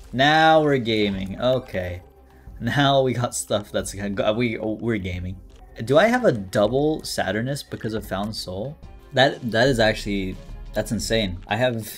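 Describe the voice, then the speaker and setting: Man, gaming commentary, excitable, thinking aloud, faint game music. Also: lowish voice. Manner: excitable, thinking aloud, reads item text. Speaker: gaming YouTuber. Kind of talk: casual gameplay commentary.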